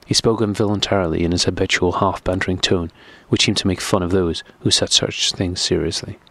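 A man narrating a classic novel audiobook in a steady, measured reading. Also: low-pitched, creaky, slightly rough, no echo.

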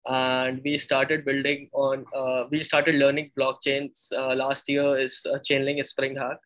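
Founder: 20s man, Indian accent, flat, hesitant, filler-heavy; on a video call. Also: mid-range voice, measured pace, low-quality recording. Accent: Indian English. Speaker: startup founder presenting. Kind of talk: casual video call pitch.

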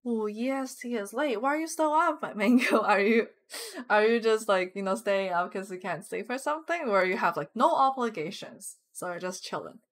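A woman's voice: mid-range voice, normal speed. A young woman streaming a game, chatting casually with viewers, reading chat aloud and giggling often. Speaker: live streamer. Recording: music playing behind the voice.

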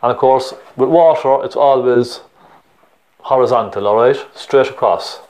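A man's voice: medium pitch, a little slow, a little mellow. A man with a Cork Irish accent teaching a painting lesson step by step, chatty and encouraging, often checking in with the viewer.

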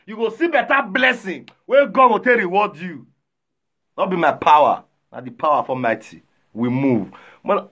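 A man with a Nigerian accent, chatting live and reading viewer comments aloud, animated, often shouting and repeating himself. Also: high-pitched. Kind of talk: casual live-stream chat.

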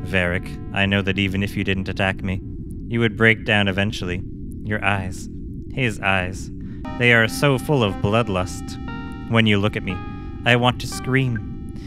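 A man's voice: lowish voice, steady tone, a little slow, music in the background, close to an everyday voice. A man voicing a pitiful old male scientist turned monster, whiny and pleading. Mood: mournful. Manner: whiny, pleading, self-pitying.

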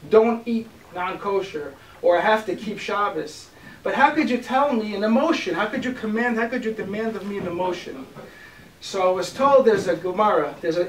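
A man, a rabbi, giving a storytelling sermon to a gathering, animated and acting out the people in his stories. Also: high voice. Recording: roomy, distant mic, faint hiss.

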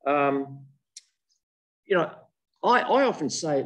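An older man giving a humorous keynote lecture as a professor, an animated storyteller who jokes as he goes. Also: on the high side, moderate pace, distant mic, low-quality recording. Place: lecture room with online audience.

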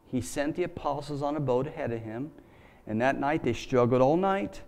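A man preaches in a church in a relaxed, folksy way. He talks like he is chatting, full of fillers, asides and friendly slang. His voice sits at an ordinary middle pitch. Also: normal speed. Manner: conversational, folksy, with many fillers. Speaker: pastor. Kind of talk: sermon.

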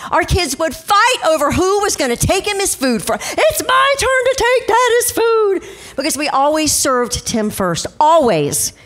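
High-pitched middle-aged woman preaching in church, acts out her stories. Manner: animated storytelling, acts out quotes. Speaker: pastor. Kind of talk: sermon. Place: church stage.

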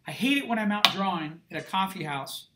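A man's voice: high-pitched, expressive, fairly quick, very noisy. A middle-aged man, an art instructor, giving a classroom lecture in an emphatic, conversational way and checking in with his students often.

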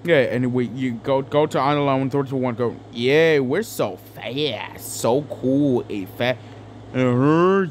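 A man's voice: medium pitch, measured pace, slight background noise. A young man doing an improvised comedic fan dub, rambling and crude with lots of fillers. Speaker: fan dubber.

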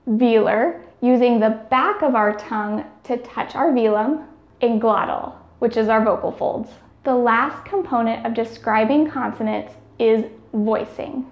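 Woman educator, scripted lesson, fairly high voice, unhurried demonstrations. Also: reverberant. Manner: slow, careful, demonstrating each sound. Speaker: speech therapy educator. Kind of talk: scripted instructional narration.

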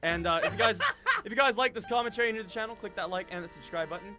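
Shrieking high-voiced gaming host. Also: male voice, expressive, racing, over music. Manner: loud, yelling, swearing, cheering himself on. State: strained from yelling. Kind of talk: excitable gaming commentary.

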